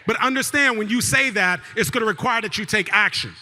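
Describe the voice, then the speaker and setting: Give me a high, forceful-voiced man delivering a live keynote in a big reverberant hall, swinging from shouts to hushed lines. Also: a little fast, a little hiss or hum. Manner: energetic call-and-response with the crowd; storytelling with big swings between loud and hushed. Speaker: keynote speaker. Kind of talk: motivational keynote. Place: large event hall.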